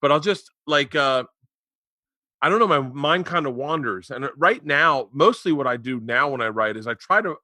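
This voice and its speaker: A man in his forties hosts a casual podcast chat, rambling through stories and getting loud as they build. His voice is bright and forceful. The sound is close and dry. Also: mid-range voice, expressive, moderate pace, no echo. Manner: rambling storyteller, gets loud and laughing in anecdotes. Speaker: podcast host. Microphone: remote podcast mic.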